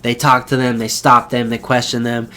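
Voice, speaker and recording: A man casually retelling an anime episode in a loose, rambling way, jumping into quick character voices. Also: mid-range voice, flat delivery, pushed and bright. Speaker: anime reviewer.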